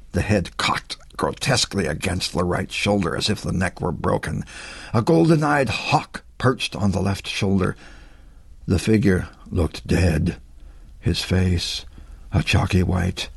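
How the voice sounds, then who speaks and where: A man, the author, narrating his own suspense audiobook with dramatic, expressive delivery. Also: low-pitched, creaky, slightly rough, no room sound. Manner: expressive, voices characters.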